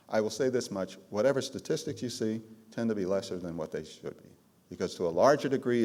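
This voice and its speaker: Low-voiced man lecturing a live audience. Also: darkish tone. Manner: emphatic storytelling, calls out to the audience. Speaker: trauma trainer.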